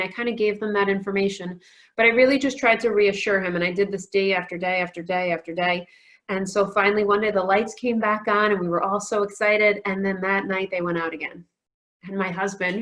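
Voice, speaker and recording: A woman's voice: mid-range voice, fairly even intonation, fairly quick. A woman in her forties, a counselor giving a conference talk, telling stories with frequent "um" fillers. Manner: warm storytelling with frequent "um" fillers. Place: virtual conference.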